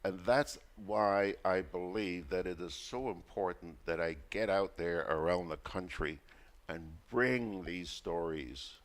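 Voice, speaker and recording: A man with a Grenadian accent hosting a call-in radio talk show, telling stories and acting out the people in them. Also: a little slow. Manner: storytelling, acts out a caller's high voice.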